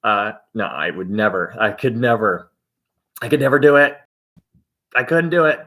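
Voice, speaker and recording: Host, male, lowish voice, upbeat and chatty, reads viewer comments aloud and thanks them by name. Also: normal speed, bright, forceful tone. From Ohio, United States. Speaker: livestream host of a Bible teaching. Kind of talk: casual chat greeting live viewers.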